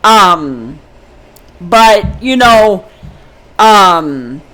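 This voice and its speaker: A woman's voice: medium pitch, animated, very slow, fairly bright tone. Rambling middle-aged woman vlogger. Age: 50s. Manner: rambling, frank, many ums and restarts. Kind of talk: casual personal talk to camera.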